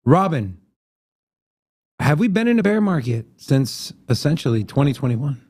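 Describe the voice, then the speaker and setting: A man's voice: mid-range voice, big pitch swings, normal speed, a little mellow, husky. A man co-hosting a casual crypto livestream, tired from no sleep, teasing his co-host and walking through charts. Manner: joking, teasing, then explaining charts.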